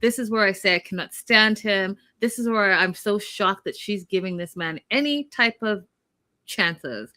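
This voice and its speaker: Blunt, bright-voiced woman recapping a show. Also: mid-range voice, lively intonation, measured pace. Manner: blunt, opinionated, mocks people in quoted voices. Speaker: podcast co-host. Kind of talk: casual recap chat.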